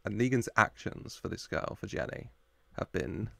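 A man's voice: fairly low pitch, very animated, moderate pace, creaky, bright, forceful tone, no room sound. A man hosting a reaction video, chatting casually and laughing often as he gushes over the characters. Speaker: reaction channel host.

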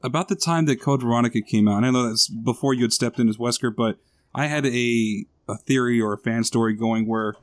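A man's voice: mid-range voice, fairly quick, dry recording. Male podcast host, mid voice, eager, reading listener questions, dry close sound. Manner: enthusiastic, reads listener questions. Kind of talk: casual podcast interview.

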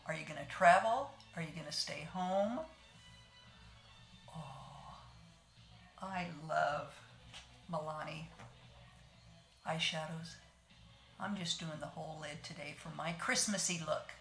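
An older woman in her sixties, talking through a makeup tutorial in a homey, chatty way and speaking to her viewers as friends. Her voice sits a little low. The room is echoey, and soft music plays faintly underneath. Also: creaky. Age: 60s. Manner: homey, talks to viewers as ladies, narrates each step. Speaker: beauty vlogger.

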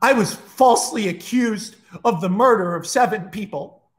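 A man's voice: high voice, moderate pace, voice pushed up, lightly acted. A man voicing an evil killer doll who speaks in an earnest, pleading way.

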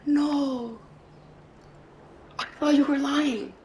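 A woman in casual gaming chat with a lively, scolding way of talking. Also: high voice, drawn-out words, roomy sound, slight background noise. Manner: animated, scolding. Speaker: vlogger.

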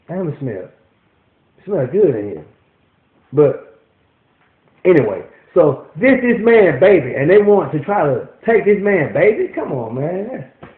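Ranting man, profane and worked up. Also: on the high side. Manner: profane, animated ranting with repeated restarts. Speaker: vlogger. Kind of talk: ranting commentary to camera. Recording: echoey, tinny phone-like audio.

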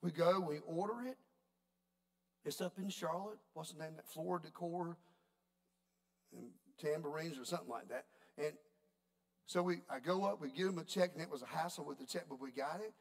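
A pastor, a man, preaches with a gravelly, creaky edge to his voice. He tells his story in a folksy, animated way, his voice sitting a little higher than most men's. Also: moderate pace, long pauses. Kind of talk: sermon with storytelling.

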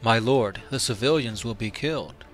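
A man's voice: medium pitch, moderate pace, soft background music, lightly acted. A man reading the part of a respectful, somewhat hesitant fleet admiral. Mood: deferential. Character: deferential male fleet admiral.

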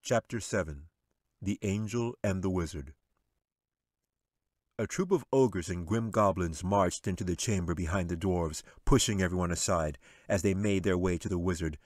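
A man, the author, narrating his fantasy novel in a measured, expressive way. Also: sits low, no room sound, studio quality. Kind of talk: audiobook narration.

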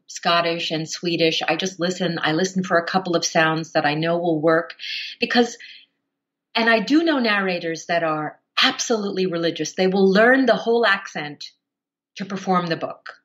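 Expressive woman audiobook narrator. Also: fairly low pitch, moderate pace. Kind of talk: podcast interview answer.

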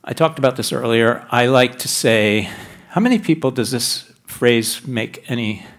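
A man's voice: mid-range voice, expressive, normal speed. A middle-aged man giving a technical talk on stage at a conference, chatty and self-deprecating, often restarting his sentences. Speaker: conference speaker. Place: large conference hall.

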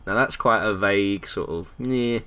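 A man's voice: fairly low pitch, normal speed, sharp tone. A young man commentating a game playthrough, reading chat messages aloud and laughing often. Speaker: gaming video host. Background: keyboard typing clicks.

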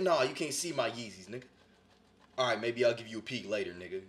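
A man's voice: medium pitch, animated, fast. A young man doing a comic cooking video in his home kitchen, talking in a swaggering, slang-heavy, boastful way. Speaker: comedic cooking vlogger. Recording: echoey kitchen, faint noise.

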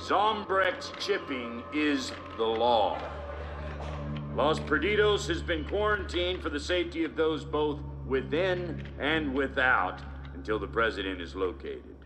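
A man's voice: medium pitch, animated, music in the background, natural voice. Stern male official, played by an actor in a game. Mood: grave. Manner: formal, grave and measured. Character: stern male military official addressing the public. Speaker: defense secretary at a press conference.

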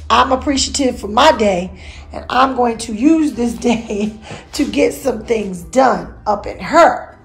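A middle-aged woman talks casually to her viewers from home, folksy and encouraging. Her voice sits slightly high, with faint music playing underneath. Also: expressive, unhurried, vocal fry. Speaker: vlog host.

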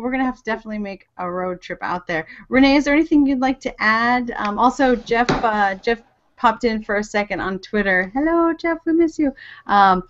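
A woman hosting a live web cooking show, effusive and quick to laugh as she thanks callers and wraps up. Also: on the high side. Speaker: show host. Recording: lo-fi live stream audio.

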